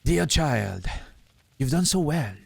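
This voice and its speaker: A man reading game dialogue aloud as a grand, theatrical male troupe master, in a put-on French accent with slow, stately delivery. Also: on the high side, big pitch swings, vocal fry, slight background noise, heavily acted. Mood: grandiose.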